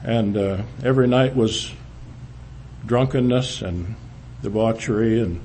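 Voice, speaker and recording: An older man telling a personal testimony to a church, halting, with frequent restarts, often dropping low and quiet. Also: a little hiss or hum. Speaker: speaker giving testimony.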